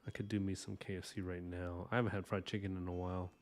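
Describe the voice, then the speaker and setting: Rambling, low-voiced male stream host. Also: little pitch movement, fast, a little mellow. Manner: rambling and enthusiastic, many "like"s and "you know"s. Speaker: livestream art host chatting with viewers. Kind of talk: casual live-stream chat.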